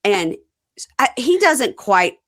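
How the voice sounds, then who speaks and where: A woman podcast host in casual recap chat, telling stories in an animated way and swearing bluntly. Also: a little high, slow pace. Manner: animated storyteller, acts out quotes.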